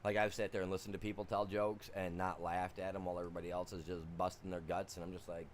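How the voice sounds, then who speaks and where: Male game streamer, casual rambling chat, chuckles often, a bit low-pitched, faint noise behind. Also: little pitch movement, fast, hardly any pauses. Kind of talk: casual chat during a livestream.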